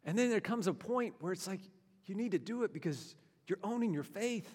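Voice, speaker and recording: A man's voice: very high voice, a little fast. A man in his forties preaching a sermon, earnest and conversational, often repeating and restarting his words. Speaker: pastor. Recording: long hall reverb.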